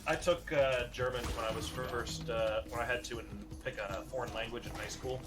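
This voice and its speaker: A man's voice: medium pitch, fairly even intonation, normal speed. A man co-hosting a charity livestream, chatting casually with rambling jokes. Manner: joking, rambling asides. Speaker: livestream co-host. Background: music.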